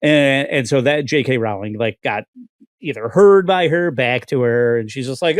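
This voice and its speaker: A man's voice: mid-range voice, normal speed, dry recording. Swearing male podcast host, dry sound. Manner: profane, ranting, many restarts. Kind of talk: casual podcast commentary.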